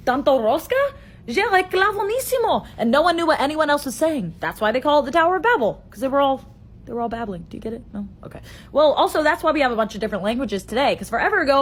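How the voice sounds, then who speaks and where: A young woman telling comedic stories in a goofy, deadpan, slang-filled way. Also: high voice. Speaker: comedy creator. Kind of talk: comedic sketch monologue.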